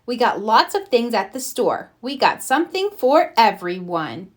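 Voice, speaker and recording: A woman's voice: fairly high pitch, big pitch swings, measured pace. A woman voicing a cheerful little girl pig in a children's storybook reading. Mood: eager.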